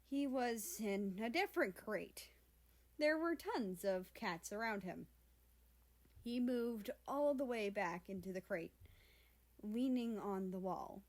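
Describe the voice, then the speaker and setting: A woman reads a fan fiction chapter aloud in a plain storytelling manner. Her voice sits at a middle pitch, neither high nor low, and she keeps the narration steady.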